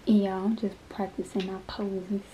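A woman's voice: medium pitch, level tone, a little slow, dull audio, over music. A woman in her late teens talking casually to her phone camera in a vlog, chatty and often dropping to a whisper. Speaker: vlogger. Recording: noisy phone recording.

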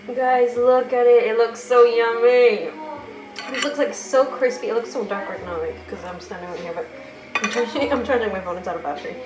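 An excitable young woman in her twenties chats to her phone camera in a casual vlog, her talk full of "like" and small laughs. She is filming in a bare, empty flat, so her voice carries a slight room echo. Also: a little high, fairly quick. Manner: chatty, excitable, filler-heavy with frequent laughs. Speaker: vlogger. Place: empty echoey flat indoors.

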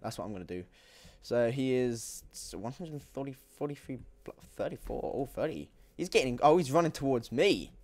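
A young man giving excitable, jokey commentary while playing a video game, swinging between loud outbursts and quiet muttering. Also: mid-range voice, moderate pace, few pauses. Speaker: gaming YouTuber. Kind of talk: gameplay commentary.

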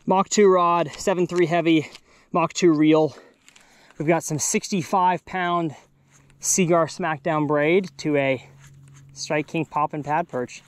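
Excitable high-voiced young man fishing outdoors. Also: takes it slowly. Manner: excitable, exclaiming often. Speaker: fishing video host. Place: outdoors at a pond.

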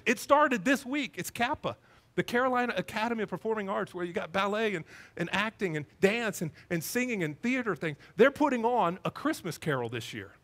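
A man, a pastor preaching a sermon in a church and acting out the people in his stories. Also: sits high. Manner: animated storytelling, acting out voices. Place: church sanctuary.

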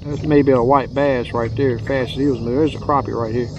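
This fishing vlog features a chatty Texan guide who drawls and addresses viewers as y'all while casting from a boat on a lake. He talks a little fast in a steady, medium-pitched voice, and the audio is dull, with a noisy background.

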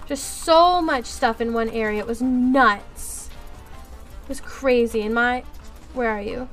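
A woman's voice: fairly high pitch, measured pace, a bit bright, faint music behind. A young woman streaming a game, chatting casually and rambling with lots of filler words. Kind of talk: casual gaming chat.

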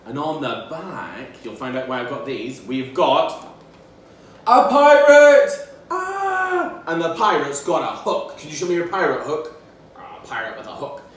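Male teacher, animated children's phonics lesson, recorded from a distance, faint hiss. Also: mid-range voice. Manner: playful, animated, slow and drawn out for young learners. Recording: echoey room, mic at a distance, faint background noise.

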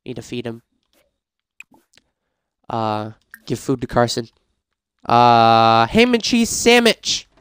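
A man playing a life-sim game, reading prompts aloud and reacting in casual let's-play commentary, getting frantic and shouty when things go wrong. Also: mid-range voice, big pitch swings, takes it slowly, long pauses, smooth, no echo, clean studio sound. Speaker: gaming YouTuber.

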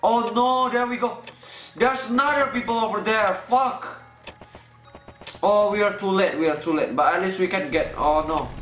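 A man hosting a let's play, excitable and swearing constantly, with loud panicked outbursts. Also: sits high, normal speed. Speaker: gaming channel host. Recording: roomy room sound with faint game music. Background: faint game music.

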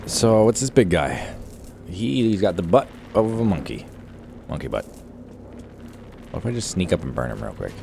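A man commenting on his own gameplay in a lively, jokey way. He swings widely between mutters and excited yells at enemies. A faint game ambience sits behind him. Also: deep voice, moderate pace, creaky, long pauses, slight background noise. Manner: jokey and exclamatory, shouting at enemies. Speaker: gaming video host. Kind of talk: let's play commentary.

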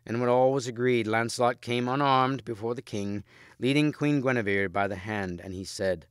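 Male audiobook reader, measured, clean, dry close sound. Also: mid-range voice, clean tone, no room sound. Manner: steady, measured storytelling. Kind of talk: scripted narration.

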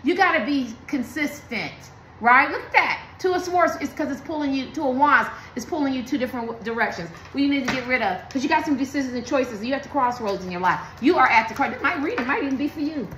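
A woman's voice: high voice, lively intonation, fast talker, roomy sound, noisy background. A woman giving a blunt, emphatic tarot reading, talking in slang and preaching to her viewers. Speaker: tarot card reader.

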